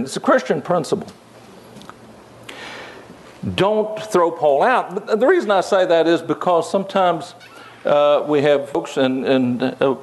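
An older man teaching the Bible in a folksy, conversational way, with many fillers and asides. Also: on the high side.

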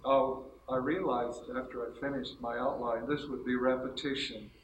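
A man's voice: mid-range voice, echoey room, a little hiss or hum, poor audio. A man giving a lecture-style Bible teaching to a gathered group, laying out numbered points methodically and correcting himself as he goes. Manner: methodical, enumerates points, frequent self-corrections. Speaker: speaker giving a Bible talk.

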